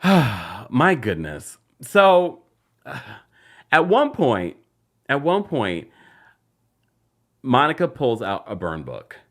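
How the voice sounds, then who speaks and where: A man hosting a casual reality TV recap show, chatting and reading a sponsor spot. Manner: animated, chatty, jumps up in pitch for emphasis.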